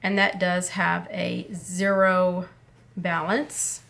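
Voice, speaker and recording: Woman vlogger, low gravelly voice, slow unhurried casual walkthrough, thinking aloud. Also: flat delivery, fairly bright tone. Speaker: planner vlogger. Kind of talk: casual budget planner walkthrough.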